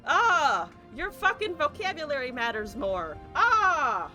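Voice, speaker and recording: Ranting woman streamer, lively bright voice. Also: a little high, unhurried, faint music behind. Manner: exasperated ranting, swearing, rhetorical questions. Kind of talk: live stream card game commentary.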